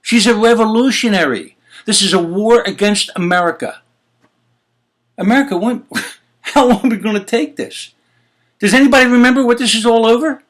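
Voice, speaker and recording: A man's voice: sits high, moderate pace, pauses often, fairly bright tone. A man hosting his own opinion show, ranting in an indignant, exasperated way with swearing and rhetorical questions. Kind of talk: heated opinion commentary.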